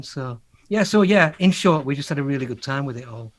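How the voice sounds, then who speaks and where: A man, a musician guest, telling lively anecdotes, acting out quotes and laughing often. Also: mid-range voice, a little fast. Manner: animated storyteller, acts out quotes, laughs often. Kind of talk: anecdotal interview talk.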